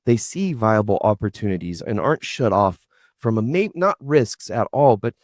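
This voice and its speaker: A man's voice: lowish voice, sing-song, moderate pace, dry recording, clean studio sound. A man hosting a talk show, asking long earnest questions and rambling with slangy asides. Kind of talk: casual interview talk.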